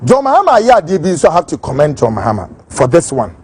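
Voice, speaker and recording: A Ghanaian man delivering fiery political commentary as a host. His voice sits high and swings widely as he rants. The tone is mellow but husky, recorded close and dry. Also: huge pitch swings, fast. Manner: fiery, emphatic ranting; switches between Twi and English.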